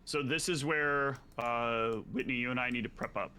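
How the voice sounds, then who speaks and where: A man playing a tabletop game, working out his party's moves out loud in halting bursts. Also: mid-range voice, fairly even intonation, a little hiss or hum. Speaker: player.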